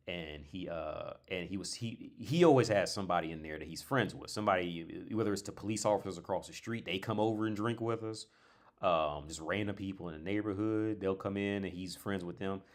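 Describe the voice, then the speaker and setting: A man from North America hosting a casual livestream, telling rambling stories with restarts and blunt, profane asides. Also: sits low. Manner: rambling, digressive storytelling with frequent restarts. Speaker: livestream host. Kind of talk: casual chat.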